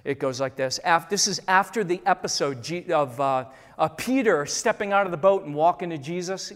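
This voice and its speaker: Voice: mid-range voice, normal speed. Dramatic preacher in a reverberant hall. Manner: dramatic, acts out quoted voices, repeats key lines. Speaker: pastor. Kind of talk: sermon.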